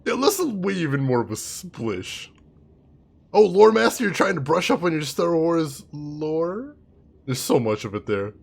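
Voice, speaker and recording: A man giving chatty, animated commentary while playing a video game, laughing often. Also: a little high, a little slow, creaky, breathy edge. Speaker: gaming streamer. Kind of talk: casual let's-play commentary.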